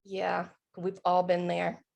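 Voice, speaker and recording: A woman's voice: on the low side, completely flat delivery, slow, creaky, darkish tone. A woman teaching an online cookie decorating class over a video call, upbeat and encouraging, laughing often.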